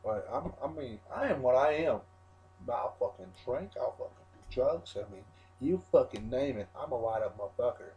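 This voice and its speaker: A man's voice: mid-range voice, lively intonation, normal speed, dark tone, muffled recording. Profane, rambling man ranting defiantly. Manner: rambling, heavy swearing, defiant. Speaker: wrestler. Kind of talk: profane interview rant.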